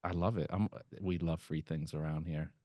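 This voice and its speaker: A man's voice: rumbling low, steady tone, moderate pace, a little mellow, no echo. A man hosting a live talk in an event space, upbeat, jokey and informal. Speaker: event host.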